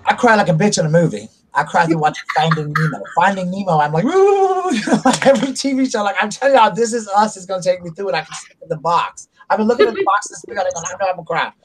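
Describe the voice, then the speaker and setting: A man's voice: high voice, animated, fast, few pauses, a little hiss or hum. A middle-aged man from South Carolina hosting a casual chat, talking openly and rambling about family and feelings. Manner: open, rambling, confessional. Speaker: host.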